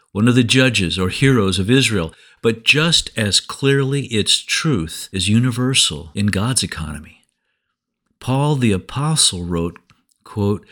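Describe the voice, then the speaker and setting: A man giving a devotional sermon on his podcast, speaking in a measured, earnest, pastoral way. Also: lowish voice, fairly bright tone. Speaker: preacher.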